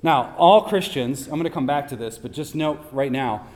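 A man's voice: medium pitch, moderate pace, a little mellow. A man preaching a sermon as pastor, emphatic and full of rhetorical questions. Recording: long hall reverb.

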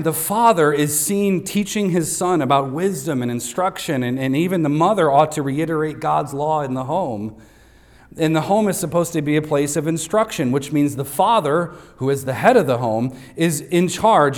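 A man's voice: fairly high pitch, expressive, normal speed. A man preaching a Father's Day sermon in a church as pastor, stressing and repeating his main points, with touches of humor for the congregation. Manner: emphatic, repeats key points for note takers; light humor aimed at the congregation. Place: church sanctuary.

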